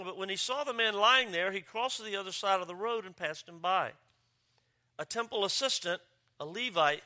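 Animated, joking male pastor. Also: sits high. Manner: joking, animated storytelling with voices. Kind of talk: sermon. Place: church campus.

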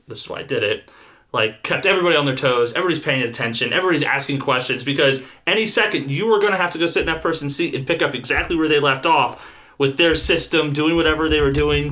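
A man who used to be a customer service trainer, telling lively stories in a casual podcast chat and laughing easily. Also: mid-range voice. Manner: animated storyteller, laughs easily.

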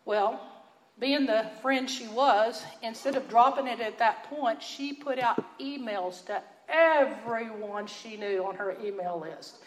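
A woman with a Texan accent, teaching a sermon in a folksy, earnest storytelling way that drops to a hush for emphasis. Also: on the high side, unhurried, roomy sound, low-quality recording. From Texas. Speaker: Bible teacher.

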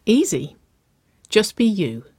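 A reader voicing an affectionate, teasing adult sister in an audiobook, soft and warm-hearted. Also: medium pitch, sing-song, slow, breathy edge, no echo, pitched above the performer's own voice, full character voice. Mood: playful. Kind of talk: audiobook character voice.

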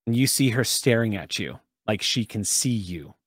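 A man's voice: lowish voice, expressive, normal speed, no room sound, clean studio sound. A man narrating a tabletop game as game master, descriptive and conversational.

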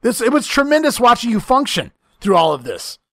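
A man's voice: very high-pitched, wildly swooping pitch, brisk, pushed and bright, a little hiss or hum. A man hosting a casual chat, telling a long profane story, often laughing and acting out the lines he quotes.

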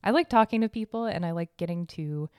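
A woman's voice: fairly low pitch, fast talker, darkish tone, smooth, dry recording, clean studio sound. A young woman from Arizona, a podcast host giving casual life updates, chatty and swearing freely with frequent laughs.

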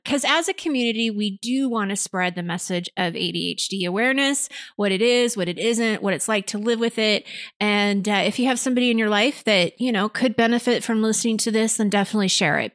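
A chatty woman hosts a podcast, upbeat and quick to laugh. She walks through her explanations step by step in a mid-range voice, relaxed and conversational. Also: mid-range voice. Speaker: podcast host. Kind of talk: casual podcast chat mixed with explanation.

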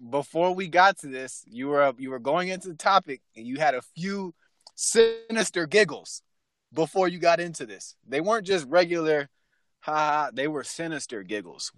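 A man's voice: a little high, expressive, fairly quick, hardly any pauses, a bit bright, dry recording. A young man co-hosting a casual podcast, playfully teasing and needling his partner. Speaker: podcast co-host.

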